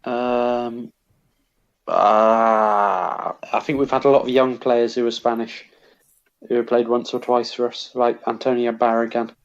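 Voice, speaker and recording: A man's voice: medium pitch, flat delivery, unhurried. Male co-host as quiz contestant, hesitant and musing, slightly muffled lo-fi recording. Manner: hesitant, thinking aloud with fillers. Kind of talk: casual chat.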